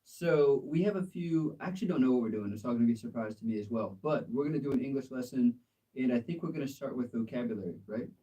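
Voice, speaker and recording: An American man tutors English in a relaxed live session, gently correcting pronunciation and laughing often. His voice is mellow and warm, and he sits a little back from the mic. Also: medium pitch, quick pace, far from the mic, low-quality recording. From United States. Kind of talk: live language exchange lesson.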